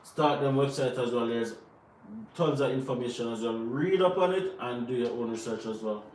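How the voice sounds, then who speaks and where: A man's voice: medium pitch, moderate pace, a little mellow. A Jamaican man co-hosting a live Q&A, giving earnest advice to viewers and repeating points for emphasis. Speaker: co-host answering viewer questions. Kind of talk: live Q&A chat. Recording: roomy and distant from the mic, faint noise.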